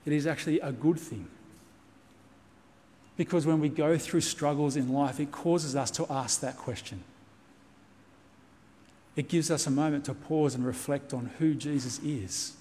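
A man's voice: fairly high pitch, unhurried, pauses often, warm tone, in a large hall. A man preaching a sermon as pastor, earnest and reassuring, repeating key points for emphasis. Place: church.

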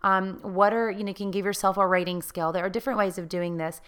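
A woman's voice: medium pitch, fairly even intonation, fast, a bit bright, clear, resonant tone. A woman hosting a talk on healing after divorce, speaking in an earnest, coaxing way and asking many questions. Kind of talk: encouraging self-help talk.

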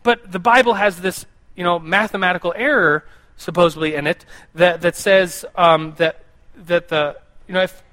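A young American man with a high, sharp voice and fairly even intonation teaches the Bible casually to a live group at a moderate pace. Likely a youth pastor or Bible teacher, he rambles, repeats words, and pauses to put questions to his listeners.

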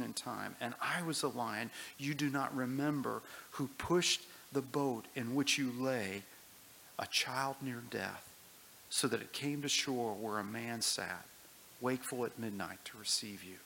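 A man reading aloud as an ancient, solemn great male lion, speaking slowly and gravely. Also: mid-range voice, bright, forceful tone, slight background noise, poor audio. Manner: slow, grave, measured.

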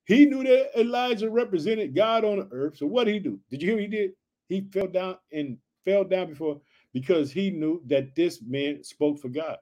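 A man preaching with high energy, reading Bible verses aloud and riffing on them, repeating his catchphrases and questions to listeners. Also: moderate pace, a little mellow. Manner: reads verses aloud then riffs on them. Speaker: preacher teaching scripture.

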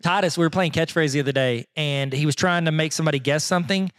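A man's voice: on the high side, fairly bright tone, smooth, no room sound, clean studio sound. A man co-hosting a podcast, making jokes and bantering in casual chat. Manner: joking, teasing, quick banter. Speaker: podcast co-host.

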